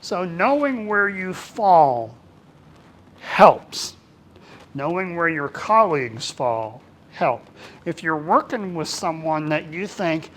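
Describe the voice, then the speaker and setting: A lively trainer speaks casually to a small workshop group, with a voice that swings widely up and down in pitch. The tone is colloquial and informal, and bits of dialogue get acted out along the way. Faint background noise sits under the voice. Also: slow. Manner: animated and colloquial, acts out quoted dialogue. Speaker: workplace trainer.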